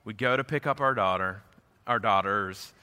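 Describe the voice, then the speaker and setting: A man preaching as a pastor, telling a personal story in an animated way and acting out the voices of the people in it. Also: on the low side, moderate pace, clear, resonant tone. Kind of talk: storytelling sermon. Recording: echoey hall.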